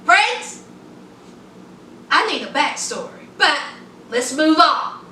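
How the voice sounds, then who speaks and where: A middle-aged woman gives a sassy, chatty TV recap and keeps calling her viewers honey. Her voice is very high and bright, and her pace is unhurried. She sounds a little away from the mic in an echoey room with faint background sound. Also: sing-song, recorded from a distance, slight background noise. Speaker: reality TV reviewer. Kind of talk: casual recap vlog.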